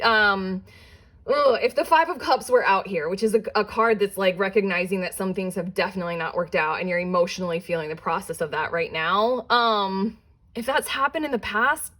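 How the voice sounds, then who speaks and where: A woman giving a casual pick-a-card tarot reading, talking in a loose, rambling way full of "like" fillers and restarts. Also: mid-range voice. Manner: chatty and rambling, with many "like" fillers and self-interruptions; breaks into quick giggles and playful put-on voices. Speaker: tarot reader.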